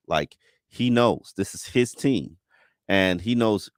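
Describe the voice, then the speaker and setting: A middle-aged man on sports radio with a fairly low voice, blunt and direct, sometimes turning animated. The mic sound is dry and close, recorded in a radio studio. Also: slow, no echo. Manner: blunt, animated when mimicking others. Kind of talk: casual sports talk. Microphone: studio microphone.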